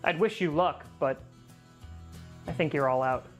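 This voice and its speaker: A man's voice: a little high, measured pace, soft background music, natural voice. A man playing grown male football fans who trade mocking insults in a comedy sketch. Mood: taunting. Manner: taunting, mocking banter.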